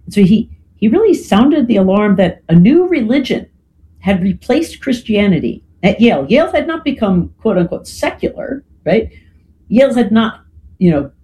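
Speaking in a mid-range, warm voice, a guest lectures conversationally about history, frequently asking "right?" and using "you know" as filler. The recording quality is low.

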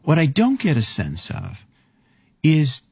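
A man's voice: on the high side, huge pitch swings, slow pace, vocal fry, breathy edge, no echo, muffled recording. A man interviewing a guest, asking long, thoughtful questions with some restarts. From lives in New York.

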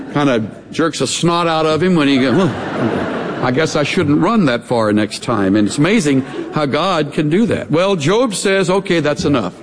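A man's voice: medium pitch, big-room sound. A middle-aged male pastor preaching a sermon, telling stories in a playful, chuckling way. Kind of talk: sermon with humorous storytelling.

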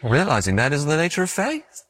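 A man's voice: on the high side, a little fast, breathy edge, no echo, studio quality. A man preaching a conversational sermon who acts out the stories he tells. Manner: conversational and animated, acting out stories.

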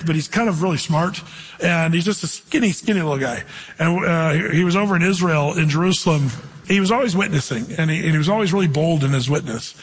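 A man preaching a conversational sermon, telling stories and reading scripture slowly. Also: sits high, husky, big-room sound, low-quality recording. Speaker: pastor.

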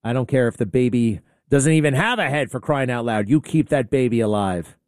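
A man hosting a talk radio show, delivering a blunt, sarcastic and excitable monologue. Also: mid-range voice, brisk, no echo, studio quality.

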